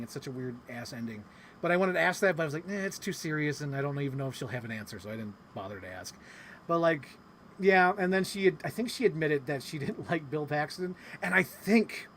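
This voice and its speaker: A man hosting a casual talk show, telling a story in an animated, rambling way and swearing often. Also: fairly high pitch, slight background noise. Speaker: podcast host. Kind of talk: casual chat recapping a convention.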